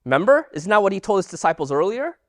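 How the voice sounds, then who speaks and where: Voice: mid-range voice, fast talker, dry recording, studio quality. A Bible teacher giving an emphatic lesson and firing rhetorical questions at the audience. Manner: animated, emphatic delivery.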